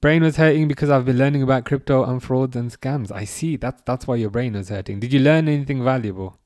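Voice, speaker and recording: A young man hosting a live football watchalong, chatting loosely and reading viewers' messages aloud. He flares up with excitement at big chances, then settles back into easy talk. His voice sits at a middling pitch and is recorded close and dry. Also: quick pace, no echo. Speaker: watchalong streamer. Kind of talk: live match reaction and chat reading.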